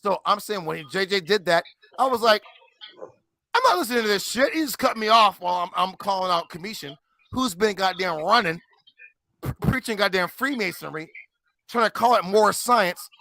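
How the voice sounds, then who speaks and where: A man's voice: sits high, normal speed, pushed and bright, no room sound, studio quality. A man in his forties talking on a livestream panel, emphatic and combative, boasting and swearing as he argues. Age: 40s. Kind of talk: heated livestream chat.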